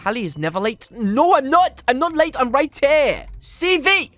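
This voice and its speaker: A man hosting energetic gameplay commentary, excitable and reading chat aloud, with "flipping" in place of swear words. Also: very high-pitched, normal speed, dry recording, soft background music. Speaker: gaming channel host.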